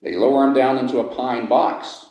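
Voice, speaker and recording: A man telling a ghost story to visitors inside an old jail, with slow, dramatic pacing. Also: medium pitch, steady tone, darkish tone. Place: old jail building, indoors. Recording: echoey stone room.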